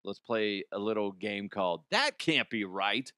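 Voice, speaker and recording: A man's voice: fairly low pitch, expressive, a little slow, pushed and bright, clear, resonant tone, no room sound, clean studio sound. A man hosting a comedic news podcast, rambling with crude jokes and giggles. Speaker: podcast host.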